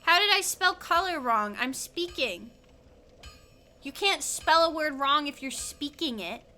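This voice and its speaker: A woman's voice: high voice, animated, a little slow, pushed and bright. A young woman streaming a game, rambling and giggling as she chats with her viewers. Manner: rambling, giggly, talks to chat while playing. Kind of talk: casual gaming stream chat.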